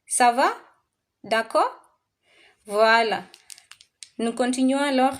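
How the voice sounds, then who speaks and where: A woman teaches French to a class, with a fairly high voice. She talks slowly and patiently, repeating each word several times so the students can follow. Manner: slow, repetitive drilling of words; mixes in Swahili phrases. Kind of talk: classroom language lesson.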